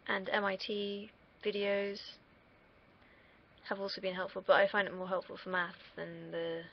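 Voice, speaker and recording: A young woman from the United Kingdom vlogs in a casual, rambling monologue that wanders off on tangents and includes the odd swear word. Her voice is medium in pitch with a flat delivery and moderate pace, and the recording has its highs cut off.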